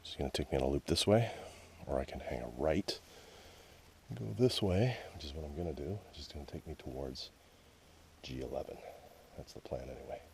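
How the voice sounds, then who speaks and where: A Canadian man with a very low, deep voice talks to his action camera as he walks a wooded trail. He is wry and grumbles about the signs, chatting casually. A faint hiss of outdoor noise sits behind him. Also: brisk, creaky. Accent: Canadian English. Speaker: hiking vlogger. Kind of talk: casual narration while hiking.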